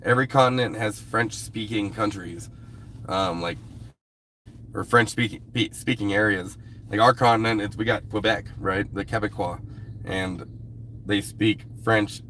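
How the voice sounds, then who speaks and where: Low-voiced man chatting on a livestream. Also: fairly even intonation, measured pace, sharp tone, slight background noise. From US West Coast. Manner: loose, rambling and profane. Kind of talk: casual live-stream chat with viewers.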